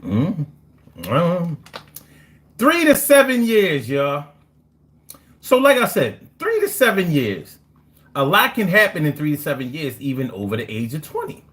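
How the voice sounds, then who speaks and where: A man's voice: fairly high pitch, huge pitch swings, a little slow, pauses often, a bit bright. A man hosting a casual live stream, reading chat and joking in a loose, slangy way with frequent laughs.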